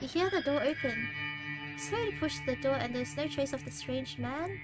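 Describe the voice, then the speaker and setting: A woman streamer playing a horror dating game, reading its text aloud with animated, dramatic reactions. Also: sits high, moderate pace, over loud music.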